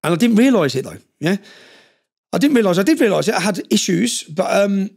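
A man's voice: high-pitched, sing-song, a little fast, creaky, darkish tone, slightly rough. A middle-aged man, a podcast guest, telling his story intensely and often checking in with "yeah?". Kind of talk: storytelling in conversation.

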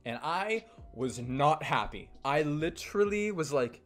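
Young man, slightly high voice, rambling story time, self-correcting, faint music behind. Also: lively intonation, measured pace, few pauses, fairly bright tone. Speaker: storytelling vlogger.

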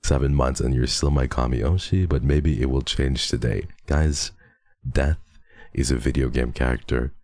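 A man with an extremely low voice chats with his stream audience, stuffy and sniffling from a cold. He is playful and teasing and laughs often. The sound is close and dry, with no room around it. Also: steady tone, normal speed, darkish tone, no room sound. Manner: playful, teasing, laughs often, mixes in Tagalog and Korean endearments. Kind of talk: casual chat with chat readers.

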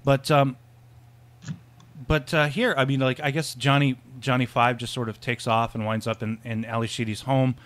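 A man's voice: mid-range voice, flat delivery, moderate pace, fairly bright tone. Guy on a movie podcast, rambly, laughs a lot, keeps restarting sentences. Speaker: podcast co-host. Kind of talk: casual film chat.

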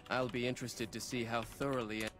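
A man plays a guarded, middle-aged video game bunker leader who speaks formally and with measured control. His voice sits at an ordinary pitch, and soft music plays behind him. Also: level tone, natural voice. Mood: stern. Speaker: game character.

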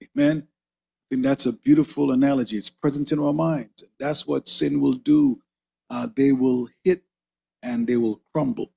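A man's voice: mid-range voice, steady tone, normal speed, gravelly, dark tone, husky. A man preaching and praying fervently in a church, repeating "oh God" between phrases. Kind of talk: sermon and prayer. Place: church sanctuary.

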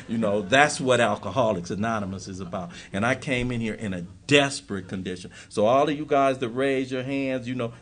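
Blunt, emphatic man giving a recovery talk. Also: fairly low pitch. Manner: blunt, emphatic and repetitive, with punchy short lines. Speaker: recovery program speaker. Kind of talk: recovery workshop talk to a live audience. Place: meeting room with an audience.

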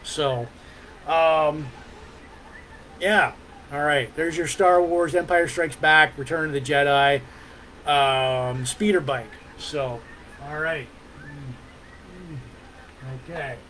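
A man's voice: fairly high pitch, takes it slowly, pauses often, fairly bright tone, slight background noise, low-quality recording. Rambling man hosting a podcast. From Ontario, Canada. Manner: loose, rambling, many fillers and hums, swears. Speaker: podcast host. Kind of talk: casual rambling chat.

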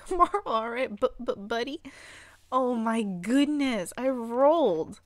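A young woman chatting casually over her gameplay, excitable, squealing and swearing at what happens on screen. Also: on the high side, takes it slowly, no room sound. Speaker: gaming channel host.

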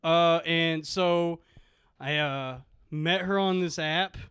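A young man telling a comedic story on a podcast, deadpan and halting, with fillers and quoted voices. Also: fairly high pitch, clean tone, no room sound, studio quality. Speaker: podcast co-host.

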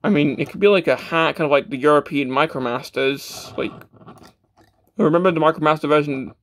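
A man's voice: fairly high pitch, a little fast. Stammering man reviewing a toy. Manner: stammering, with many fillers and restarts; self-deprecating, matter-of-fact.

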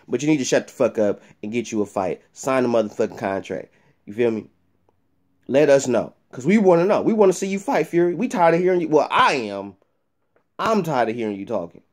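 A man delivers a fired-up vlog rant, cursing freely and hammering the same points over and over. His voice sits at an ordinary middle pitch. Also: big pitch swings, a little fast, a little mellow. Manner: profane, heated, repetitive rant. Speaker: boxing vlogger. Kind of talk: ranting commentary to camera.

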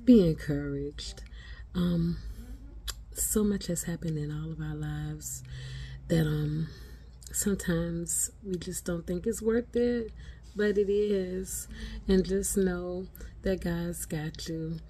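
A woman recording a soft, faith-filled video message of encouragement. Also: fairly low pitch, takes it slowly, slight background noise.

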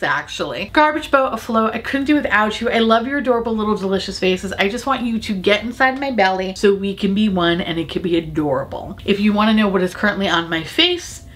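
A woman's voice: medium pitch, a bit bright. A woman vlogger chatting casually about makeup to the camera, gushing, giggly and swearing freely. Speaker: beauty vlogger. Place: home in Florida.

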